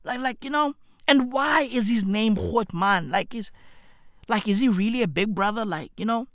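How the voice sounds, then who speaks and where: A comedic host ranting profanely, with slang and repeated "bruv", swinging between shouting and muttering. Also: medium pitch, normal speed, no echo, studio quality. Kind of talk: comedic rant.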